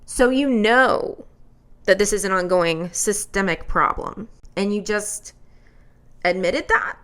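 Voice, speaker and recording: A woman host telling a personal story as commentary, in an animated, blunt and exasperated way. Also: mid-range voice, takes it slowly.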